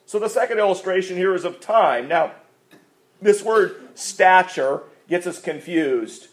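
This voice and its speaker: Pastor guy with a high voice preaching, goes loud then quiet, lots of rhetorical questions. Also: unhurried. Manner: rhetorical questions, big swings between loud emphasis and quiet asides. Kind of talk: sermon.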